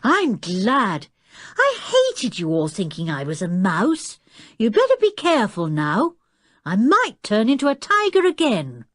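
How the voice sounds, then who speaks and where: A woman's voice: on the high side, huge pitch swings, measured pace, fairly bright tone, dry recording, studio quality, voice pushed up, heavily acted. Woman doing a spirited young girl. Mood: proud. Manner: indignant, spirited. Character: quiet young girl turned fierce, bold and stubborn.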